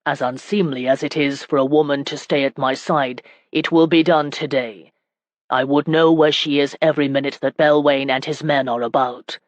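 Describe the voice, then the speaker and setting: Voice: medium pitch, fairly even intonation, normal speed, no echo, natural voice. Brief: narrator as a stern, commanding medieval knight lord for an audiobook; firm orders, dry close sound. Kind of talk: audiobook character reading.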